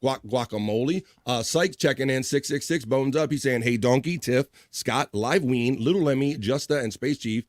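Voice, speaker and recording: A man hosting a live stream in casual chat, reading viewer messages aloud with upbeat, profane shout-outs. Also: mid-range voice, moderate pace, few pauses, dry recording, clean studio sound.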